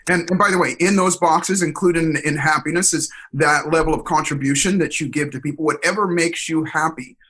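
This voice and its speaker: A man telling stories in an interview, energetic and expressive, acting out the voices of people he quotes. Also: fairly high pitch, brisk, few pauses, poor audio. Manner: energetic, expressive, acts out dialogue. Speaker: guest, performance coach. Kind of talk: animated storytelling interview.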